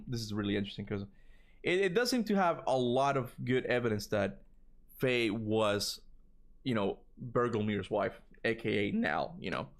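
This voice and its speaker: A man streaming about games, reading a long theory out loud and tripping over the words as he goes. He keeps stopping to chat casually, saying "you know" and "bro" all the time. His voice sits at an ordinary middle pitch for a man. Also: creaky. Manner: stumbles over reading, breaks into casual asides. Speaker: gaming streamer. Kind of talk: livestream reading a fan theory aloud.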